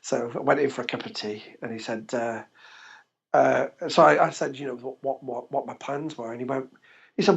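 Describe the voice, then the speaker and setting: A man's voice: medium pitch, fairly even intonation, normal speed, vocal fry, husky. A man from England, a podcast guest, telling stories animatedly and laughing often. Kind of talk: casual interview storytelling. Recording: dull lo-fi podcast recording.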